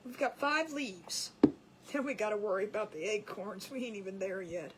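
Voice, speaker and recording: A woman's voice: medium pitch, normal speed, heavy background noise. A woman hosting a live crafting stream, chatting casually and giggling as she reads viewer comments aloud. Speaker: craft livestream host.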